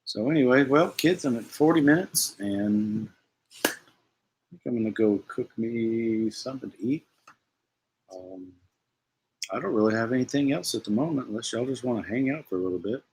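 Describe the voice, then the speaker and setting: A man's voice: mid-range voice, moderate pace, pauses often, a little mellow, slight background noise. A man hosting a casual live stream, rambling and self-deprecating as he answers viewers' comments. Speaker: livestream host.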